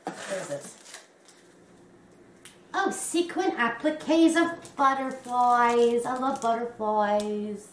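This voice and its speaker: A woman in her fifties unboxes a crochet gift and gushes with excitement. She talks slowly in a fairly high voice. The room is echoey, with a faint hiss underneath. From Canada. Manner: gushing and excitable, with many exclamations. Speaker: crochet vlogger.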